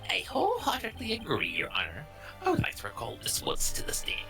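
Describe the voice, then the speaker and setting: Streamer reading a smug bullying prosecutor, accusing, wildly swinging pitch, game music behind. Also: wildly swooping pitch, a little fast, gravelly, sharp tone, heavily acted. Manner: accusing, badgering. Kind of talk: reading game dialogue aloud.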